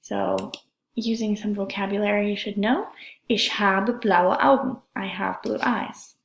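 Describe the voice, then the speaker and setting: Slow, gravelly-voiced woman teaching German grammar. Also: medium pitch, steady tone. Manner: slow, careful, drawn-out pronunciation of examples. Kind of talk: classroom grammar lesson. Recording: echoey room.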